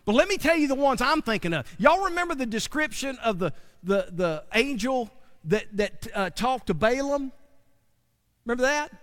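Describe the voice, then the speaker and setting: A man's voice: very high voice, sing-song, moderate pace, fairly bright tone, long reverb tail. A man preaching a sermon in a folksy, conversational way, often asking his listeners questions.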